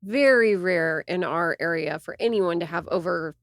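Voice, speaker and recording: A woman co-hosting a podcast, talking casually and quoting people with animated asides. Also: lowish voice, moderate pace, dry recording, studio quality. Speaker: co-host realtor.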